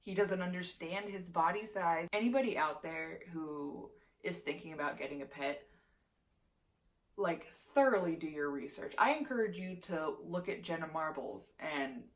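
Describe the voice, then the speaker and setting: A woman's voice: lowish voice, normal speed. Fired-up swearing woman vlogger. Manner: profane, fired-up, swears constantly. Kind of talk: heated opinion rant.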